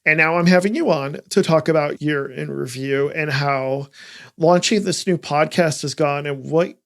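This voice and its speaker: An American man hosts a casual podcast chat in a somewhat high voice with a gravelly, creaky edge. He keeps things upbeat, tossing in quick asides. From United States. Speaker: podcast host.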